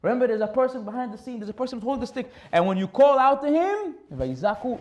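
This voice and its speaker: High-voiced rabbi preaching animatedly. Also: male voice, a little fast. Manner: animated storytelling with repetition for emphasis. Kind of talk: sermon.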